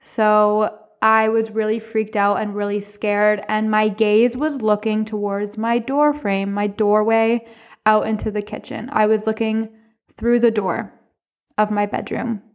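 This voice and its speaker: A woman's voice: medium pitch, measured pace. Chatty woman telling a ghost story. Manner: chatty, animated retelling with profanity. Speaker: podcast host. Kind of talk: casual storytelling monologue.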